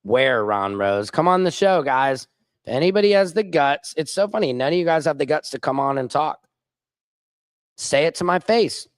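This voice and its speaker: A man with a slightly high, expressive voice hosts a casual political livestream at a moderate pace, recorded dry. Combative and mocking, he reads viewer chat comments aloud and taunts his critics.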